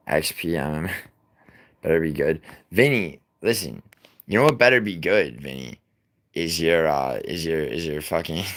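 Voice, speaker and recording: A young man streaming live, chatting casually and rambling with lots of swearing and laughter. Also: a bass voice. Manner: profane, rambling, laughs often. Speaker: livestreamer. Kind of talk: casual live reaction chat.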